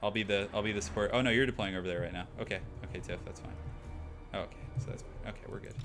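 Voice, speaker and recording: A man's voice: fairly low pitch, rapid-fire. A young man streaming a multiplayer game, chatting upbeat and rambling in a nasal, put-on Australian accent. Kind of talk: casual live-stream gameplay chat. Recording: game music playing behind. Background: game music.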